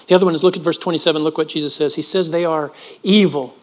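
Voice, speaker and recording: A man's voice: fairly high pitch, fairly even intonation, quick pace. A man preaching a sermon, earnest and storytelling, often restarting his words. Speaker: pastor.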